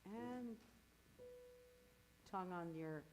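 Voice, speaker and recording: A middle-aged woman leading a choir rehearsal. She counts beats, sings cues to demonstrate, and coaches the singers briskly with encouragement. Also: on the low side, a little mellow, slight background noise, poor audio. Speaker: choir director.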